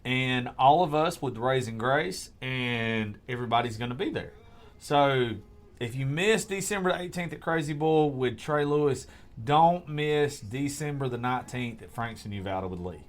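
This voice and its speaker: A man's voice: medium pitch, moderate pace. A male podcast host in a casual chat, hyped and profane as he plugs upcoming shows.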